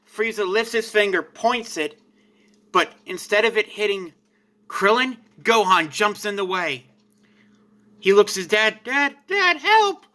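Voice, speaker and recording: A man's voice: sits high, unhurried, long pauses, bright, forceful tone. A man casually narrating a fan-made anime story in an emphatic, slangy way.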